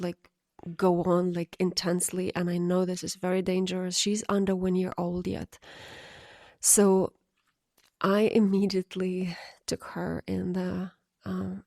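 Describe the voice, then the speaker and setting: A woman podcast host telling a personal story in a halting, emotional way, with many pauses and fillers. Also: lowish voice, a little mellow, no echo, studio quality.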